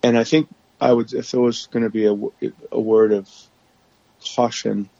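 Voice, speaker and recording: A man guest telling his story candidly on a podcast, halting often with restarts and fillers, over remote call audio. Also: medium pitch, little pitch movement, vocal fry, mellow, dry recording, muffled recording.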